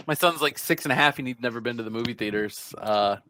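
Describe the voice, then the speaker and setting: A man in his thirties co-hosting a podcast, chatty and quick to laugh in casual talk over a video call. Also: medium pitch, sharp tone, slight background noise. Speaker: podcast co-host. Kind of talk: casual chat.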